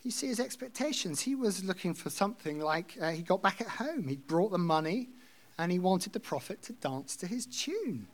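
A man's voice: high-pitched, big pitch swings, moderate pace. Guy preaching, reads the bible verses then chats through them, easygoing. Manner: conversational, reads scripture aloud and explains it. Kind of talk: expository sermon.

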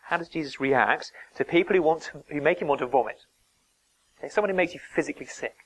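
A man's voice: fairly high pitch, quick pace, rough recording. A man preaching a sermon, earnest and emphatic, dropping to near-whispers to stress a point.

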